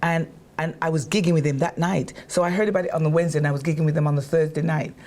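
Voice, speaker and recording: A woman recounts her life in a relaxed interview. She tells her stories in a lively, chatty way, stumbling over restarts and fillers. When she quotes people, her voice jumps up in pitch. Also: racing. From England. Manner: animated, acts out quotes in a raised voice. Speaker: guest singer. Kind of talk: casual storytelling interview.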